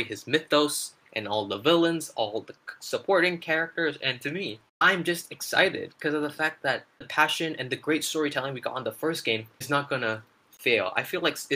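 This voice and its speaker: A man co-hosting a casual gaming chat, talking with excitable fan enthusiasm. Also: medium pitch. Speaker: gaming channel co-host.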